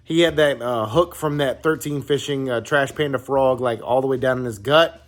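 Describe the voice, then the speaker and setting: A man's voice: medium pitch, moderate pace, no echo. A man vlogging while fishing outdoors at a pond, talking casually and exclaiming a lot. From southeastern Virginia, US. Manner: excitable, exclaims repeatedly. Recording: faint music in the background.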